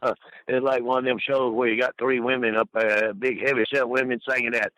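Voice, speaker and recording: Older male guest, rambling storyteller who does high-voiced impressions of others, bright and dry. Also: level tone, a little fast, no echo, rough recording. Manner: rambling anecdotes full of fillers; mimics people he quotes in high voices. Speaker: podcast guest. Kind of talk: storytelling interview.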